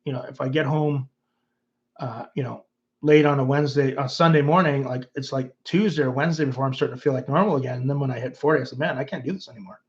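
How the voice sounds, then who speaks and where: On a casual livestream, a Canadian YouTuber in his fifties wanders from topic to topic and reads viewers' comments out loud. He talks fast in a steady, mid-range voice, with the high frequencies missing from the recording.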